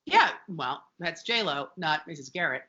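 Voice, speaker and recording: A woman's voice: low-pitched, expressive, normal speed, muffled recording, crowd noise. A woman co-hosting a podcast, chatting casually and animatedly about a sitcom episode, with profane asides. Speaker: podcast co-host. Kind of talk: casual recap chat.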